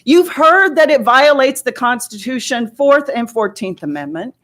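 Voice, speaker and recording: A woman's voice: sits high, expressive, normal speed, a bit bright. A middle-aged woman giving impassioned public testimony as a parent at a board meeting, pointed and full of rhetorical questions.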